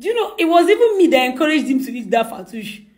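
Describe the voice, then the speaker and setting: An employer speaks in a casual conversation indoors at home, her tone coaxing and insistent, with frequent laughter. Her voice is high, very animated, a little mellow, and quick.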